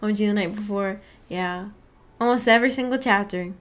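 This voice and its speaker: A woman's voice: medium pitch, brisk. A young woman hosting a casual live-stream book club, chatty and giggly, often restarting her sentences.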